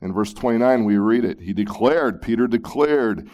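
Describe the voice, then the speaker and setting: A pastor reads scripture aloud during his sermon and comments on it at a normal speed. He moves between loud, emphatic peaks and hushed, low phrases.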